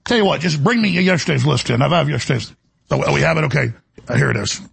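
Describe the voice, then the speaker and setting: A man's voice: a little high, lively intonation, fast, fairly bright tone. A man hosting a talk radio show, delivering a rambling, indignant monologue full of restarts. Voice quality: gravelly, raspy.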